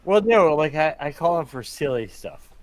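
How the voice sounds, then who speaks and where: A man co-hosting a podcast, giggly and full of quick asides. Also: fairly high pitch, very animated. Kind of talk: casual podcast chat.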